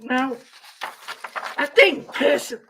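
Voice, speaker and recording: A middle-aged woman demonstrating a craft on a live stream, chatting and mocking herself as she works, her voice going hoarse. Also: high-pitched, lively intonation, very slow, a bit bright, a little hiss or hum. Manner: chatty, self-mocking, talks to herself while working.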